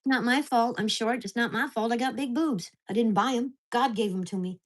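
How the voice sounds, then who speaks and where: A woman's voice: a little high, moderate pace. Blunt, profane woman ranting at home. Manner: blunt, profane, heated storytelling. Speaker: vlogger. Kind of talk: casual ranting vlog.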